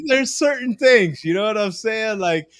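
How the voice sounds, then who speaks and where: A man hosting a casual live-stream chat over a video call, animated, laughing often and cursing casually. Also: sits high, moderate pace, no echo, studio quality. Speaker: host.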